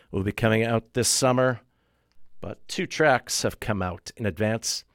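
A man's voice: medium pitch, normal speed, a bit bright, no echo, clean studio sound. A man hosting a radio show, reading out a list of soundtrack releases in a casual, wry way and correcting himself as he goes. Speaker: radio host.

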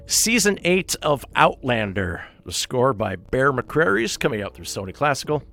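A man's voice: medium pitch, fairly bright tone, no echo. A man hosting a radio show, reading out a list of soundtrack releases in a casual, wry way and correcting himself as he goes. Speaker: radio host.

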